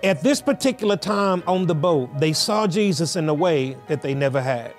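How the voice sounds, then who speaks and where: Higher-voiced male pastor preaching. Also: lively intonation, soft background music. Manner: preaching with rhythmic repetition and emphatic pauses. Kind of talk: sermon.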